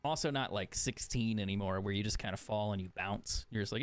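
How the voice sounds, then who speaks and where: A man's voice: lowish voice, fairly quick, gravelly. A man streaming a video game, chatting casually, swearing often and laughing at himself. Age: adult. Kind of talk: casual chat while gaming.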